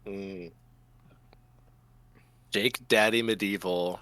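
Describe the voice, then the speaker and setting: A man's voice: low voice, fairly even intonation, extremely slow, a bit bright, a little hiss or hum. A man playing in a tabletop game, joking playfully with the group. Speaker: player. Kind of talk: casual tabletop game chat.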